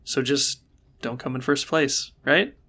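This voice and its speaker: A man's voice: mid-range voice, measured pace, pushed and bright. A man voicing a sultry, scheming woman in a tabletop game, coaxing and patronizing.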